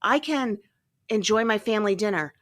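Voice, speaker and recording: Chatty, bright-voiced woman host. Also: medium pitch, moderate pace. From Tennessee. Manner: lively, chatty, laughs often. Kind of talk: casual chat.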